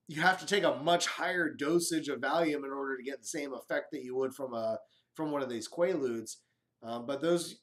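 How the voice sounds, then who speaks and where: A man's voice: a little high, a bit bright. A man hosting a casual live chat, telling a rambling, profane story and acting out what people said. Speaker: live stream host. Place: home, live stream.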